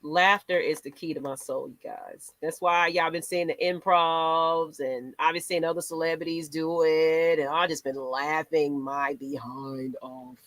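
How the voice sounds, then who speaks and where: A woman's voice: low voice, fairly even intonation, measured pace, hardly any pauses, a bit bright, dry recording. A woman hosting a fan channel, ranting in a sassy, dramatic way. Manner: sassy, dramatic, rants with mock voices. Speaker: sports channel host. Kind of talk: animated fan commentary.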